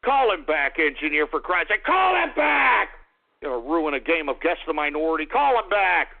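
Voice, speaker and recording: Rowdy radio host, gravelly and high. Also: male voice, lively intonation, brisk. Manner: boisterous, crude, bursts into shouts and whoops. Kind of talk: crude call-in radio talk. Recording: tinny phone-like radio audio.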